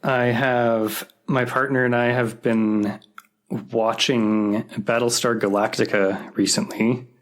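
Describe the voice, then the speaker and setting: A man's voice: medium pitch, little pitch movement, slow. A man co-hosting a podcast, talking in a laid-back, rambling way with an easy laugh. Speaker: podcast co-host. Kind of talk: casual chat.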